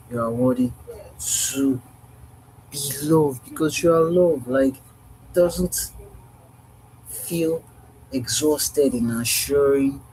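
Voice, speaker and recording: A man's voice: medium pitch, a little mellow, slight background noise, low-quality recording. Earnest man musing on love. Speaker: vlogger. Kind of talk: unscripted heartfelt monologue.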